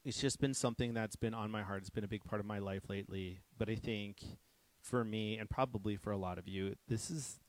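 Animated man telling a story in a sermon. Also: fairly low pitch, a little fast, dry recording. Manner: animated storyteller, many restarts. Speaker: guest speaker at church.

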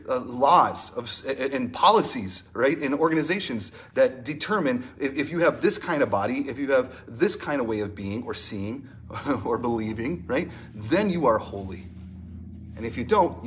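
A man preaching a sermon in a conversational style. He often asks "right?" and swings between animated emphasis and soft, hushed passages. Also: a little high. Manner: conversational preaching, frequent "right?" asides and restarts. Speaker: pastor.

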